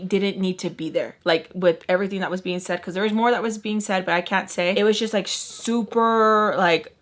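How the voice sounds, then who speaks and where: A woman's voice: medium pitch, steady tone, moderate pace, fairly bright tone. A young woman vlogger telling a nanny story in casual storytime style, chatty and indignant, full of "like". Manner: chatty, filler-heavy, indignant. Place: at home doing makeup.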